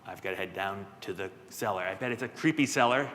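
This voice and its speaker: A man's voice: fairly low pitch, quick pace, fairly bright tone, voice pushed down, lightly acted. A man voicing Jack, a casual, unflappable traveller, with long church reverb. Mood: easygoing. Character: easygoing traveller Jack with beans.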